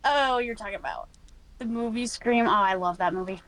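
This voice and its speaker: A woman who streams, answering interview questions in a relaxed way and laughing easily. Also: mid-range voice, a little fast, no echo, poor audio. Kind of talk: casual online interview.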